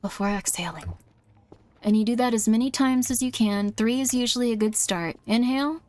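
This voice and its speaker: A woman streaming a game, talking in a chatty, playful way, easily startled and soft when guiding a breathing exercise. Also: a little high, brisk. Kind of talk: casual game commentary.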